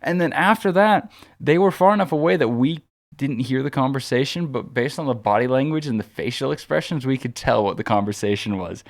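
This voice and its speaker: A man's voice: mid-range voice, a little fast. Chatty man rambling through a story. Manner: rambling, animated anecdote-telling, full of fillers like "like". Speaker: podcast co-host. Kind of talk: casual storytelling chat.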